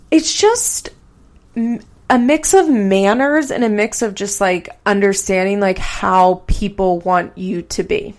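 A woman's voice: medium pitch, unhurried. A woman hosting a podcast in casual, chatty commentary, swearing casually and saying "like" a lot.

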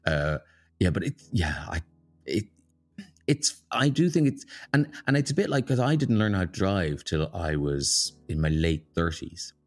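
A middle-aged man from Ireland, talking as a guest in a relaxed interview. His voice sits low and deep, then swings widely when he tells a story. He is chatty and pokes fun at himself. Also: a little slow, soft background music. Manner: chatty, self-mocking, animated with big pitch jumps. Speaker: guest, author and TV presenter. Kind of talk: casual interview chat.

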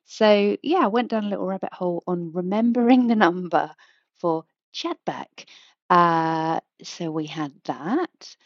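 A woman's voice: lowish voice, unhurried, dry recording. A woman, chatting frankly and rambling on her solo podcast. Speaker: podcast host. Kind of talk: casual solo podcast chat. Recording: dry, slightly dull home mic.

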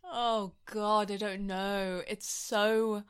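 A woman co-hosting a casual film-review podcast, with a voice of ordinary pitch for a woman. She talks bluntly and states her opinions plainly, and she laughs a lot between lines. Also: fairly even intonation, very slow, clean tone. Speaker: podcast co-host.

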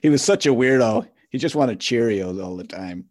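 A man's voice: medium pitch, animated, moderate pace, a little mellow. A man hosting a casual podcast chat, joking and digressing and laughing at his own jokes. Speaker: podcast host.

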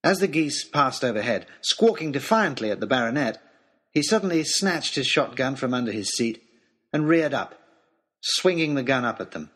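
A man narrating an adventure story in an expressive, dramatic reading style. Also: mid-range voice, normal speed.

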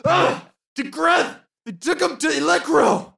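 A man voicing a wounded male pirate captive, yelling in a shrill, panicked voice. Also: wildly swooping pitch, takes it slowly, creaky, heavily acted.

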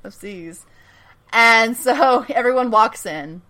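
Bright, animated woman recapping an episode. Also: a little high, slow pace. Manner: animated, giggly, swears freely. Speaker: podcast co-host. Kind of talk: casual chat, episode recap.

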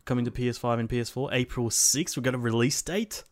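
A man's voice: medium pitch, fast talker, dry recording, clean studio sound. A man, co-hosting a casual chat about video games, rambling with fillers and restarts and swearing now and then. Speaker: podcast co-host.

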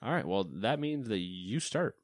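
Lively, jokey man with an animated voice. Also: fairly low pitch, moderate pace, no room sound, clean studio sound. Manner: lively, jokey, reads lists with playful emphasis. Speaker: podcast co-host. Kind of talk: casual gaming news chat.

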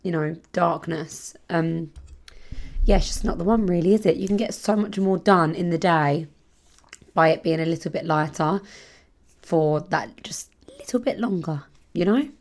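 This is a young woman chatting on her own podcast from home, rambling from one story to the next and laughing at herself. Her voice sits low and carries a gravelly, fry-touched edge. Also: moderate pace, a little mellow. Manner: chatty, rambling, self-mocking, laughs often. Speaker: podcast host. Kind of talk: casual solo podcast chat.

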